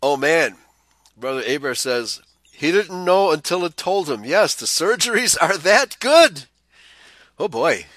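A man's voice: a little high, big pitch swings, a little slow, fairly bright tone, no echo. A man hosting a commentary show, reading news items aloud and adding sarcastic, scornful asides, often chuckling and stumbling over repeated words.

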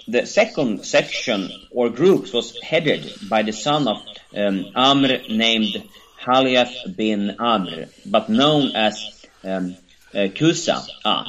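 Low-voiced man reading haltingly. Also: expressive, a bit bright, poor audio. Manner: halting, hesitant reading with many fillers, stumbling over names. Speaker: podcast co-host. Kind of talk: reading a history text aloud.

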